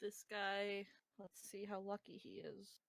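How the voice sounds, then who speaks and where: A woman's voice: medium pitch, monotone, unhurried, gravelly, a bit bright, rough recording. A woman as game master of a casual tabletop game, narrating combat between laughing, swearing banter.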